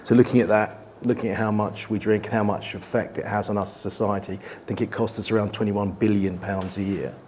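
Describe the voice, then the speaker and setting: A man with a fairly low voice, speaking on a panel. He is earnest and measured, laying out his points steadily. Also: flat delivery, a little mellow, slight background noise. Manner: earnest, measured, issue-focused. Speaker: documentary presenter on a panel. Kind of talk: casual panel discussion.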